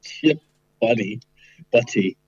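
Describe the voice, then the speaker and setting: A man's voice: medium pitch, expressive, slow, a little mellow, slightly rough, dry recording. Guessing man on a dull call line. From New York. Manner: puzzled guessing, swearing, hesitant fillers. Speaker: podcast guest. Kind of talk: casual podcast chat. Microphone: remote call.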